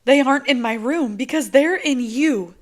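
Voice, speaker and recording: A woman reading an audiobook, voicing an anxious, intense teenage girl who is suspicious and quick to take offense. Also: fairly bright tone, natural voice. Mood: frightened, suspicious. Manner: tense, quick, high-strung. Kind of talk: audiobook character voice.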